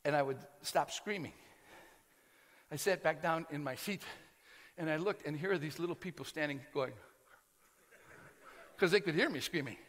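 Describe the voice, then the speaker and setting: An American man preaching, telling a comic story with shouts and laughter in an animated way. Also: fairly high pitch, moderate pace, pauses often. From United States. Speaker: pastor. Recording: long hall reverb.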